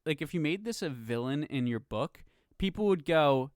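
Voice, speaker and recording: Young male podcast co-host, bouncy pitch, dry close mic, laughs and hesitates. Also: no echo. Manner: lively, laughing, fills pauses with uh. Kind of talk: casual chat.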